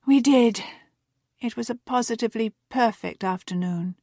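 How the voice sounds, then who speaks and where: A woman's voice: a little high, normal speed, mellow, dry recording, clean studio sound, pitched above the performer's own voice. A woman voicing a playful, teasing young woman who reads her sister's letter with theatrical flair.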